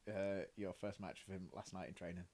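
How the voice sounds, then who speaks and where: A man's voice: low voice, little pitch movement, a little fast, a little mellow. Chatty teasing male podcast host. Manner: chatty, teasing, laughs often. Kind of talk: casual chat.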